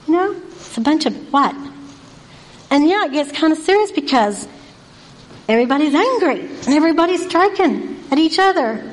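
A woman's voice: high voice, lively intonation, moderate pace, long pauses, rough recording. A woman giving an informal Christian devotional talk, earnest and folksy, asking one rhetorical question after another. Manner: folksy and repetitive.

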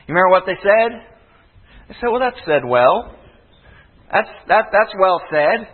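High-voiced preacher on a tinny recording. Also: male voice, animated, moderate pace. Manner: storytelling preacher, rises loud then drops to a hush. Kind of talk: sermon.

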